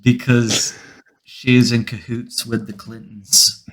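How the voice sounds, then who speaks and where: A man hosting a casual podcast at a middle pitch, with a voice that is neither high nor low. He rambles through stories and mock-serious rants, stumbling and swearing as he goes. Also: little pitch movement, slow. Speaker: podcast host. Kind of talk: casual chat.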